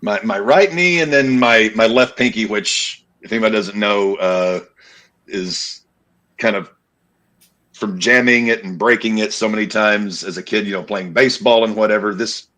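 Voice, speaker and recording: Man, 30s, low voice, casual podcast chat, rambling, self-deprecating, swears. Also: moderate pace, sharp tone, rough recording. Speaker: podcast co-host.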